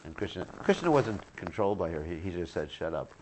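A man's voice: sits low, sing-song, fairly quick, darkish tone. A man teaching a religious class, retelling scripture stories in a chatty, joking way and asking his audience questions, in a noisy recording. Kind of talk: humorous scripture storytelling class.

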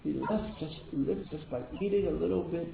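A man's voice: on the high side, moderate pace, creaky, a crowd in the background. A man giving a devotional talk, telling stories and often repeating words for emphasis. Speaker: spiritual teacher. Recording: echoey room over a tinny phone-like line with background noise.

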